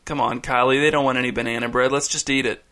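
A cautious young husband who answers everything with dry, wry understatement, as a male narrator voices him. The tone is bright and firm, and it is read like an audiobook. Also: medium pitch, steady tone, quick pace, natural voice.

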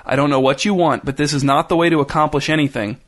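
A man doing a calm reasoning professor. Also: a little high, quick pace, close to an everyday voice. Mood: polite. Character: middle-aged male professor, calm and reasoning.

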